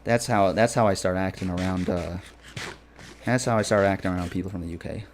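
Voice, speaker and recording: A man's voice: sits low, fairly quick. A young man streaming a game, chatting casually, joking and rambling as he reads chat messages aloud.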